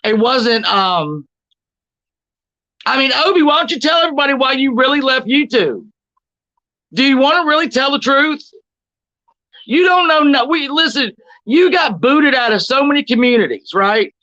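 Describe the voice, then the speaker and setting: A woman's voice: sits high, lively intonation, normal speed, pauses often, fairly bright tone, no echo. Woman streamer cussing out her haters, reads chat and snaps back, dry close sound, kinda muffled lo-fi audio. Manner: profane, combative, mocking, reads chat comments aloud and fires back. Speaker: livestream host. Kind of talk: confrontational livestream rant.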